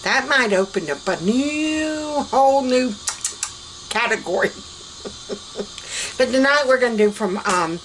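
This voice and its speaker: A woman's voice: medium pitch, lively intonation, a little slow, a bit bright, poor audio. A middle-aged Southern American woman talks her way through supper plans in her home kitchen, folksy and chatty, with a medium voice. She laughs easily. Faint background noise hums under the recording. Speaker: vlogger. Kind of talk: casual cooking vlog chat.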